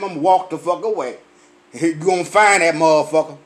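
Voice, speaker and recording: A high-pitched man, a little drunk and sweating, rants in a comedic style and swears at almost every word. He keeps mimicking the people who pester him with questions, with a lot of energy. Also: brisk. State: tipsy, sweating. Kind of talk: profane comedic rant. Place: lively night venue with drinks.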